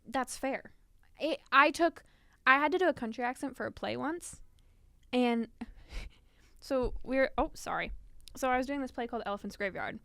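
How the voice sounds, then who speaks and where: Young woman guest, bubbly and chatty, fairly high voice, dry sound. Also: animated, moderate pace, gravelly, clear, resonant tone, no room sound. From US West Coast. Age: young adult. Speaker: guest, acting student. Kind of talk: casual podcast chat.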